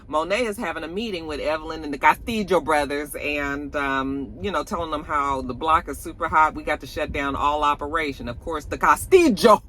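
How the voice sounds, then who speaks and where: A woman casually recapping a TV episode, animated and profane, acting out the characters' lines. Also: low-pitched, brisk, hardly any pauses, a little hiss or hum. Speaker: TV recap YouTuber.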